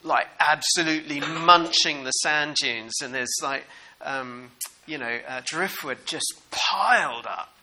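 Bright-voiced New preacher. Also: male voice, on the high side, measured pace, hardly any pauses, poor audio. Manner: animated, conversational, asks the congregation questions. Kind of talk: sermon.

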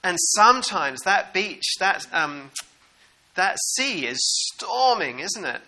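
A New man preaching a sermon in an animated, conversational way and putting questions to the congregation. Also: sits high, takes it slowly, rough recording.

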